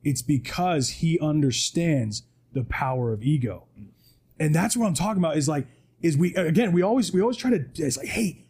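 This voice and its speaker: A man's voice: on the high side, lively intonation, brisk, darkish tone, breathy edge. A man talking as a podcast guest, preaching with emphasis and often tagging "right?" onto his points. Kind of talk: animated motivational talk. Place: podcast studio.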